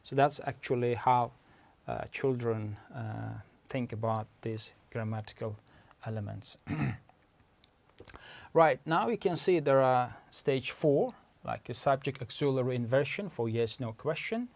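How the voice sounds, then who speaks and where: A man's voice: medium pitch, takes it slowly, a little mellow, no room sound. A man with an Uzbek accent, Uzbek his first language, giving a patient, methodical lecture as a language researcher. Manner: patient, methodical, stops often to clarify terms. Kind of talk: explanatory lecture.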